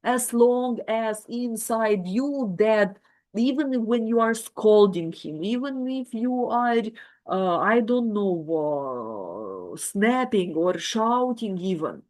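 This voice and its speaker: A woman's voice: mid-range voice, animated, slow, a little mellow. A middle-aged woman talking about parenting, firm and emphatic yet often hesitating with fillers. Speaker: mother giving parenting advice. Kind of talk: casual monologue.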